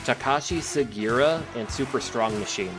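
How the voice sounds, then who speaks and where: A man from Minnesota chatting casually with friends while playing a wrestling game, relaxed and full of fillers. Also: mid-range voice, moderate pace, over music.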